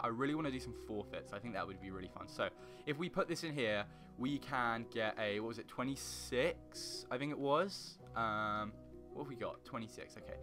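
A young man commenting on his own gameplay in a rambling, excitable way, breaking into panicky yelps. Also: medium pitch. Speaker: gaming channel host. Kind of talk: casual let's play commentary.

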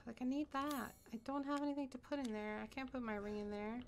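A woman's voice: high voice, fairly quick, a little hiss or hum. A young woman doing horror game commentary, scared and swearing as she talks herself through it. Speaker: gaming streamer.

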